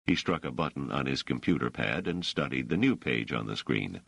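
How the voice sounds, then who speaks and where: A man reading an audiobook as narrator, in a low, measured manner. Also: big pitch swings, creaky, a bit bright, breathy edge, dry recording. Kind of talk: scripted narration.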